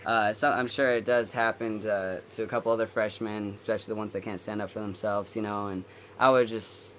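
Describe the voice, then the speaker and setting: A man's voice: lowish voice, flat delivery, fairly quick, fairly bright tone, a little hiss or hum. A young adult man telling a long story from his school days in a casual vlog, full of fillers and restarts. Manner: rambling, filler-heavy retelling. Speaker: vlogger.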